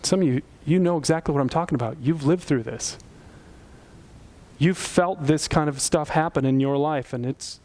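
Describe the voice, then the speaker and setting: A man's voice: on the high side, moderate pace, darkish tone. A man preaching a sermon as pastor, telling a personal story and pleading earnestly. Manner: storytelling, rising to pleading intensity.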